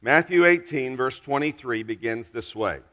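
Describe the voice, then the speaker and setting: A man preaching a sermon from a church pulpit, telling a personal story in an earnest, unhurried way with dramatic pauses. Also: mid-range voice, expressive, pushed and bright, in a large hall. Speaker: pastor.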